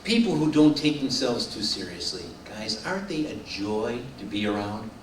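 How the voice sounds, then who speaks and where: A middle-aged man giving a casual sermon-style talk to a group, a lively storyteller who laughs along with his own stories. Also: on the low side, normal speed. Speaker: speaker addressing a group. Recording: roomy, distant mic, faint room noise.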